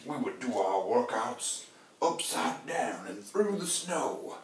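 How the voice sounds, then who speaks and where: Man doing exaggerated old-timer bit, slow drawl, echoey room. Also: mid-range voice, big pitch swings, far from the mic, voice pushed up. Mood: mock-nostalgic. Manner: drawled, slowed, exaggerated movie-character impression. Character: boastful old-timer man reminiscing, mock-gruff. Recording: echoey room, faint noise.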